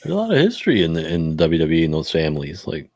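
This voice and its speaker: A man's voice: a bass voice, wildly swooping pitch, fast talker, a little mellow, no echo, clean studio sound. A man co-hosting a podcast, talking in an emphatic, profane, opinionated casual chat. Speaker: podcast co-host.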